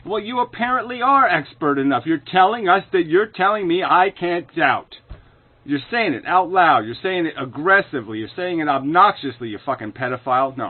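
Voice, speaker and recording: A man rants through a furious, sarcastic commentary, swearing constantly and flaring into shouts. His voice sits fairly high for a man. The sound is thin and tinny, like a phone line. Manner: profane, sarcastic, shouting in bursts. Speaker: video commentator. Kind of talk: angry ranting commentary.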